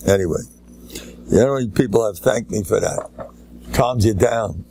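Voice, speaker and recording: An older American man from Lakewood, a rabbi giving a humorous Torah lecture, joking and animated, mixing Yiddish and Hebrew words into his talk. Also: on the low side, a little slow, long pauses, breathy edge, no echo.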